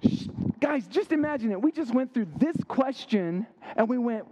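A man's voice: very high-pitched, lively intonation, normal speed, a little mellow, highs cut off, slight background noise. A young man giving an interactive sermon, quizzing his listeners and making playful asides. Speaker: youth camp speaker.

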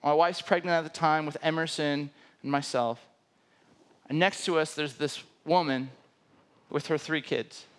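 A man's voice: a little high, fairly even intonation, a little slow, a bit bright. A man in his thirties preaching a sermon as a pastor, telling a personal story and acting out the quoted dialogue.

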